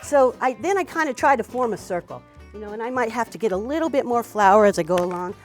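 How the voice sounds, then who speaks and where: A woman's voice: fairly high pitch, expressive, quick pace, faint music behind. A woman hosting a cooking demonstration, chatting to a student and using "wee" and "you know" as she goes. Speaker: cooking teacher and show host.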